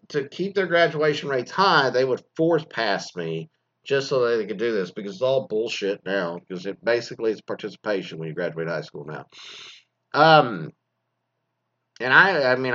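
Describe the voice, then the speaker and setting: A man's voice: medium pitch, pushed and bright. A middle-aged man, delivering a crude, sarcastic rant full of swearing. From Texas, Dallas area. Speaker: commentator reacting to news. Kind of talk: profane ranting monologue. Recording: dull lo-fi audio.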